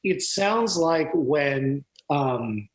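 A podcast co-host talking about a film in a casual, lively way, building points step by step. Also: medium pitch, very slow, echoey room. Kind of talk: casual movie discussion.

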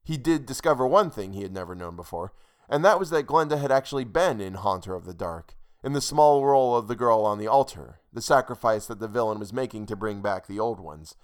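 A man narrating a short story for a podcast, steady and measured. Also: fairly low pitch, smooth. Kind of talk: scripted fiction narration.

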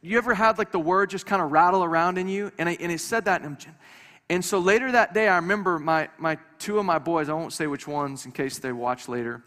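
A man's voice: high-pitched, quick pace, a bit bright. A man preaching a sermon to a congregation, talking conversationally with light humor and often repeating his words as he restarts. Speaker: pastor. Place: church hall before a congregation. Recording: long hall reverb.

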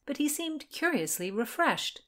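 A woman narrating a historical story in an even, measured way and explaining its background as a co-host. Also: high voice.

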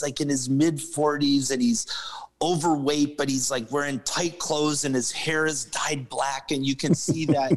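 A man's voice: mid-range voice, steady tone, unhurried, low-quality recording. A man who is a guest musician on a podcast, telling stories in a blunt, laughing way and swearing freely. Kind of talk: casual podcast conversation.

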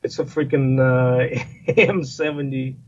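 A man's voice: mid-range voice, steady tone, slow pace, a little mellow. A man in a casual podcast discussion, talking in a rambling way with many fillers and restarts. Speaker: guest firearms expert. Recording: slightly muffled line with faint noise.

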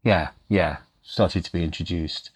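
A man with a very deep voice reminisces in an interview. He talks haltingly, backing up and restarting his sentences. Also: husky. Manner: halting, many fillers and restarts. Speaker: actor interviewed. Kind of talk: casual reminiscing.

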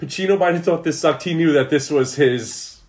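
A man's voice: fairly high pitch, brisk, a little mellow. Man giving casual film commentary. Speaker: podcast co-host.

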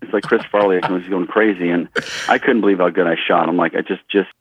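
A middle-aged man, a shooting instructor, telling rambling, lively stories in an interview, acting out what people said. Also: low voice, fairly quick, breathy edge, no room sound. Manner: animated, rambling storyteller who acts out quotes. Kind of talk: casual storytelling in an interview. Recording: tinny phone-like line.

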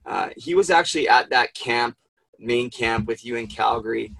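A man's voice: medium pitch, moderate pace, vocal fry, a bit bright, no echo, low-quality recording. A man hosting a casual interview, emotional and rambling, swearing freely. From Canada. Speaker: podcast host.

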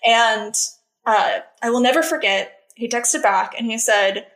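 Earnest woman with a high voice in a roomy echo. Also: a little slow, fairly bright tone. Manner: earnest and emphatic, rising sharply when reliving anger. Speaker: podcast guest. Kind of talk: candid personal storytelling.

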